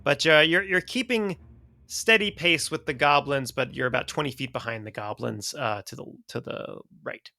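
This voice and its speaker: Rambling male dungeon master with a bright voice. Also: medium pitch, normal speed, vocal fry. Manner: rambling, restarts, laughs while narrating. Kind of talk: narrating a tabletop game.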